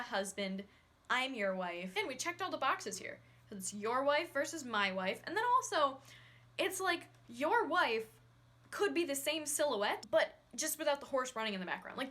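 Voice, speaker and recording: A woman's voice: on the high side, sharp tone. A woman vlogger giving casual, sarcastic reaction commentary, with a lot of "like" in her speech. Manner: sarcastic, says "like" often. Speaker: horse-riding vlogger.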